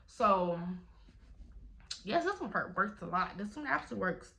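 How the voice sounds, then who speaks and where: A young woman, telling a casual storytime vlog in an animated, slangy way, acting out the quotes. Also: mid-range voice, moderate pace, gravelly. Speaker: vlogger.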